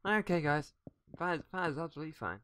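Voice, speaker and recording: A man's voice: a little high, fast talker, slight background noise. A young man from England with an English accent, joking and shrieking through a casual game commentary. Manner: jokey, excitable, shrieks when startled. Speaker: let's player.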